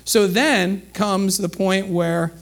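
A man's voice: high voice, steady tone, slow, gravelly. A middle-aged man preaching a sermon in a conversational way, full of rhetorical questions to the listeners. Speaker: pastor.

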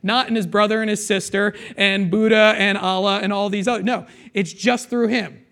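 A male pastor preaching a sermon in a conversational way, often checking in with "okay?" and "right?" and repeating his key phrases slowly for emphasis. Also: high-pitched, steady tone, vocal fry, fairly bright tone.

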